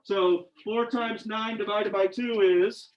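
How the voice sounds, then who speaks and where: This man's voice sits high, with fairly even intonation and a slow pace. He's a math teacher working through algebra problems with his class, joking around and quizzing students as he goes. The recording is a dull, lo-fi capture of the classroom.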